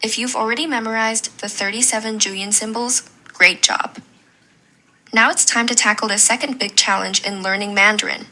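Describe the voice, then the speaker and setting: A woman teaching a Mandarin lesson in a slow, clear and encouraging way. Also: a little high, steady tone, pushed and bright, low-quality recording. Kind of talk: scripted lesson narration.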